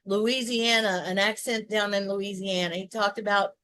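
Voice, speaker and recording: Southern woman co-host, meandering explainer, mid pitch, dry close sound. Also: level tone, moderate pace, bright, forceful tone, no room sound. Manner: rambling, explaining, many restarts and asides. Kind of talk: casual chat.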